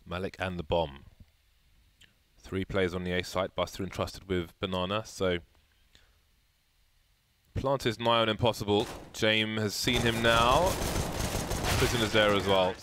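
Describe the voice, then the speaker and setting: A man giving play-by-play commentary on an esports match, getting excitable and rising with the action. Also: fairly low pitch, a little slow, pauses often, noisy background.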